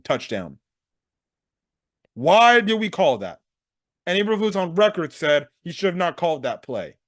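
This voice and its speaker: A man rants through a game recap, his fairly high voice swinging wildly up and down. He fires off exasperated rhetorical questions in a dry, close-miked sound. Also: no echo. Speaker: sports podcast host.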